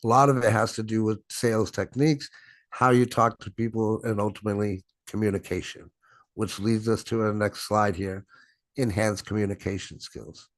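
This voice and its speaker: A middle-aged man coaches a sales webinar over a video call, his voice on the low side, steady in tone and at a normal speed, with no room sound. He leans hard on his words, stretching them out, and keeps repeating "right?" and "my friends" with emphasis.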